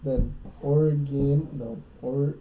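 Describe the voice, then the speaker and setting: A man's voice: mid-range voice, steady tone, slow, narrow, tinny audio, a little hiss or hum. A man from Nebraska co-hosting a podcast, joking around and thinking aloud in casual chat. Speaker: podcast co-host.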